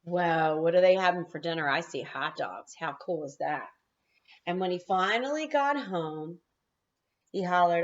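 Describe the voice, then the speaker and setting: A kindergarten teacher reading a picture book aloud to her class, animated and talking straight to the children. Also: on the low side, measured pace, dull audio. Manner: animated, talks straight to the kids.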